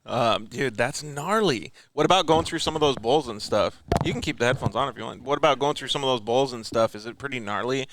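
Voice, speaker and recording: A man's voice: mid-range voice, fairly quick, few pauses, a bit bright, slight background noise. A man hosting a casual off-road show chat in a parts store, laid-back and slangy, laughing often. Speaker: show host.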